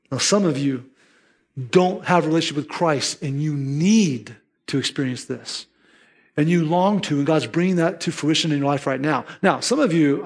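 Male pastor, higher-pitched voice, earnest emphatic sermon delivery. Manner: earnest, emphatic, acts out listeners' inner voices.

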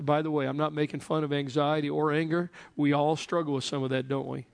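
A male pastor preaching in a relaxed, joking style, slowing right down to drive key phrases home. His voice sits fairly high and sounds close and dry. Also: creaky, dry recording. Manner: joking, conversational, prompts the congregation. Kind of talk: sermon.

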